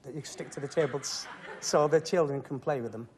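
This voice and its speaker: A man in his forties, a game show contestant, giving brief and quiet answers. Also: mid-range voice, fairly quick, low-quality recording. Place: TV studio with live audience. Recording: studio audience and background noise.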